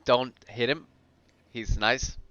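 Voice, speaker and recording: A man's voice: medium pitch, fairly even intonation, slow pace, a bit bright, no echo. A man playing a tabletop game in a laid-back way, often stumbling over his words. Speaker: player. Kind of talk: casual tabletop play. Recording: dull lo-fi sound.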